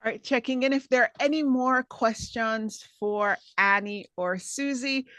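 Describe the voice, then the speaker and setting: Woman running q&a, brisk direct questions, slightly high, dry close sound. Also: fairly bright tone, no echo. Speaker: club meeting moderator. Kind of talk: hosting Q&A on a video call.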